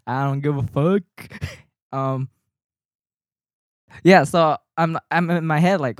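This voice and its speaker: A man's voice: mid-range voice, steady tone, slow pace, no room sound, clean studio sound. An American man co-hosting a podcast, telling stories in a rambling, laughing, profane way. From United States. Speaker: podcast co-host. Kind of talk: casual chat.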